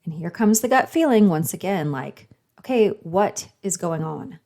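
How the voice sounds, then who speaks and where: A woman on a podcast, reading a story recap in an even tone and chiming in with blunt, supportive comments. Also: on the low side, moderate pace. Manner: reads recap narration evenly, then reacts with laughter and blunt agreement. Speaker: podcast host. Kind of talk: podcast narration and chat.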